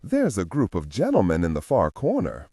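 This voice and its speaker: A man's voice: low-pitched, huge pitch swings, dark tone, slightly rough, dry recording, studio quality, exaggerated voice. A man reading a courtly Southern FBI agent. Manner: slow, formal, courtly.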